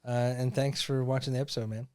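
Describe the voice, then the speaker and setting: A man's voice: medium pitch, little pitch movement, fast, darkish tone. A man guesting on a casual podcast, bashful and laughing easily. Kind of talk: casual chat.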